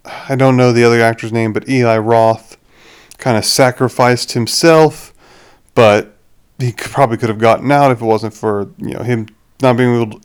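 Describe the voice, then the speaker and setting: A man's voice: medium pitch, clear, resonant tone. Rambling young man reviewing a movie. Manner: rambling, with restarts and laughs. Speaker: podcast host.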